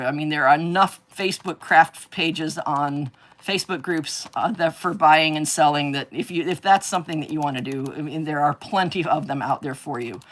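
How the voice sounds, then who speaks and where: A woman with a low-pitched voice hosts a live crafting stream, chatting casually and rambling. She often gushes with delighted exclamations.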